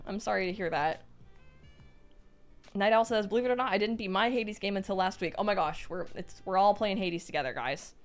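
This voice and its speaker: Young woman streamer, bubbly, excitable, casual chat, faint music behind. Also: medium pitch. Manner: bubbly, excitable, quick reactions.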